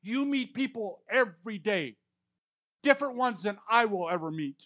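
A man in his sixties preaching a conversational sermon, repeating words for emphasis and swinging between loud and hushed lines. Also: high voice, lively intonation, normal speed, lo-fi sound. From Canadian or US prairies. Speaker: pastor.

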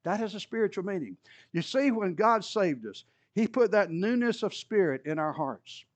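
Animated male pastor preaching a sermon. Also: sits high, normal speed, no room sound. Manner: animated preaching with humorous asides.

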